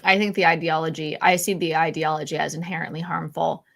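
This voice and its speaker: A woman's voice: sits low, steady tone, fast, vocal fry, a bit bright. A woman co-hosting a casual live-stream chat, speaking candidly, laughing often and restarting her sentences. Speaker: podcast co-host.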